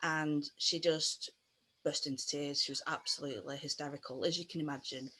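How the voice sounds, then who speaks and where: A woman in her thirties, a pet bereavement counsellor, telling a personal story on a video call with many pauses and fillers. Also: sits low, fairly even intonation, bright, forceful tone. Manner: hesitant, many fillers and restarts.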